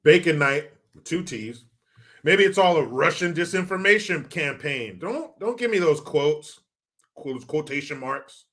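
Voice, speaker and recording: Bright, sarcastic male stream host. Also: fairly high pitch, expressive, a little slow. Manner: mock-serious, sarcastic, profane. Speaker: host reading live chat. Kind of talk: sarcastic political commentary stream.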